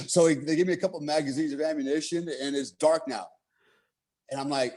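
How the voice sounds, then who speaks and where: Middle-aged man, American, veteran, casual storytelling, animated, swears, laughs. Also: on the high side, brisk. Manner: animated, swears freely, laughs while telling. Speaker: military veteran telling war stories.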